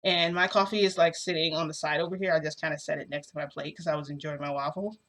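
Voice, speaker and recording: Rambling, animated woman vlogger. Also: deep voice, fast. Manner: rambling, animated, lots of fillers and laughs. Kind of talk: casual storytelling vlog. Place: indoors at home under a bright light.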